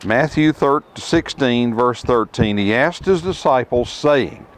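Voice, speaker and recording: A middle-aged man teaching scripture outdoors to a tour group, emphatic, with rhetorical questions and dramatic pauses. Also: medium pitch, expressive. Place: outdoors at ruins.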